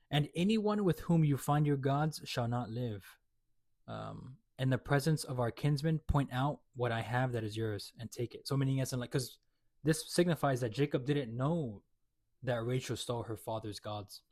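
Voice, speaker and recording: A man's voice: mid-range voice, normal speed, darkish tone, no echo. A man reading Bible verses aloud and then retelling them in loose, slangy everyday words, with many fillers and restarts. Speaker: host explaining a Bible chapter. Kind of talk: casual Bible reading with commentary.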